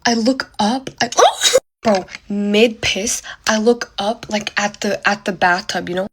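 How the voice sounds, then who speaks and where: A woman's voice: medium pitch, unhurried, a little hiss or hum. A young woman casually telling a dramatic, slangy ghost story to her phone, gasping and exaggerating as she goes. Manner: animated, dramatic retelling with gasps and slang.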